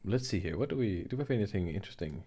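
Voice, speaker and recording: A young man hosting an art livestream, rambling and joking in a relaxed chat while he laughs and swears. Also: sits low, rapid-fire. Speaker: livestream host and digital artist.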